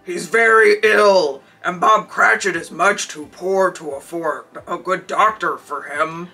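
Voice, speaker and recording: A podcast host voicing a grim, growling giant spirit in a storybook, speaking slowly and heavily. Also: medium pitch, bright, forceful tone, far from the mic, faint music behind. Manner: slow, heavy, grim.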